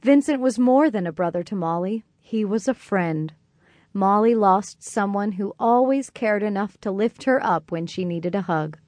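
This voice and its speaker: A woman narrating a children's audiobook in a gentle, clear and expressive way. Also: medium pitch, normal speed, no echo, studio quality.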